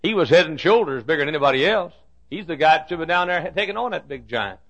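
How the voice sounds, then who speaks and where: A man preaching a sermon, telling a Bible story with dramatic swings from loud declarations to hushed asides. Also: on the high side, animated, fast talker. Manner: acts out the Bible characters' lines.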